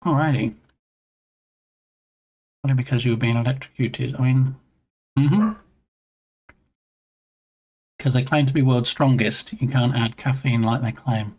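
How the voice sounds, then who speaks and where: A man's voice: mid-range voice, steady tone, unhurried, pauses often, darkish tone. A man streaming his game development live, chatting casually with his audience and reading chat in a rambling, joking, playful way into his desk mic. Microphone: own desk mic.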